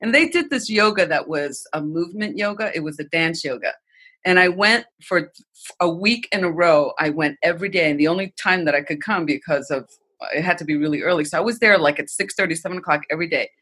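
A woman as a podcast guest, telling a personal story in an animated, emotional way, with frequent "like" and "you know". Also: lowish voice, brisk, husky.

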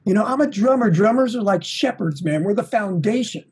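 A middle-aged man, a touring drummer, talking as an interview guest in an energetic, motivational way, swearing now and then. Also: high-pitched, a little fast, slightly rough. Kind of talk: casual interview. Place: home, at a desk.

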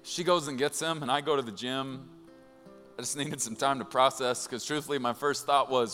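Bright-voiced male pastor telling a story. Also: medium pitch, normal speed, long reverb tail, faint music behind. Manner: animated, acts out dialogue in the story. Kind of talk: storytelling sermon.

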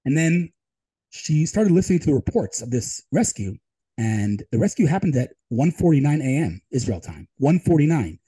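A man in an interview, a tech advisor telling emphatic, animated stories. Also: mid-range voice, moderate pace, husky, low-quality recording. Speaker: guest, tech advisor and Israel advocate. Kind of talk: storytelling interview talk.

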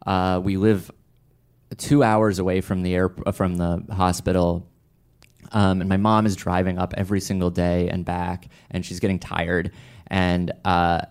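A male storyteller telling a personal story in a wry, self-deprecating way, halting and restarting as he goes. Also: low-pitched, darkish tone.

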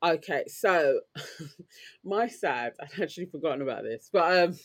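A woman with a London accent, co-hosting a podcast and telling stories in a lively, slangy way. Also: deep voice, unhurried. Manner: animated, slangy storytelling. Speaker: podcast co-host. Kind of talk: casual chat.

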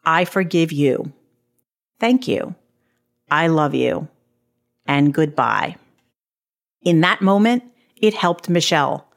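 A woman hosting a podcast, giving measured, scripted narration in a reflective tone. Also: low voice, lively intonation, gravelly. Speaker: podcast host.

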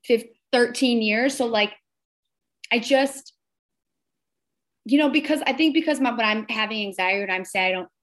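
A woman who is a guest on a podcast, chatting casually and filling her talk with "like". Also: mid-range voice. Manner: chatty, fills speech with "like". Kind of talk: casual chat.

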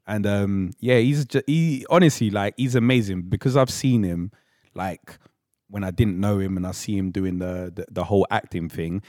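A man talking as a guest in a casual interview, animated and playful, acting out the quotes in his stories. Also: on the low side, moderate pace, no echo, studio quality. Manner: animated storyteller, acts out quotes. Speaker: guest actor.

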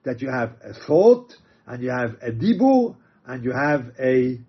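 A man teaching a religious text, reading quotes aloud and explaining them halting restarts. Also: mid-range voice, big pitch swings, slightly rough. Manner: reads Aramaic and Hebrew quotes then explains in English, halting restarts. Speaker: Torah teacher. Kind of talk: text study lecture. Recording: dull lo-fi recording.

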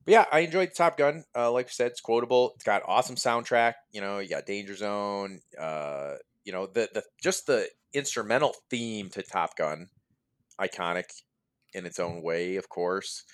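A man hosting a casual podcast chat, animated and laughing often as he tells stories. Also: on the low side, moderate pace. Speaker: podcast host.

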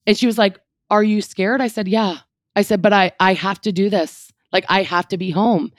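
This is clean studio sound with no echo: a thirties-aged woman at a moderate pace and medium pitch, candidly recounting a personal story during an interview. She heads a real estate team and talks with animation and emotion, filling gaps with "like."

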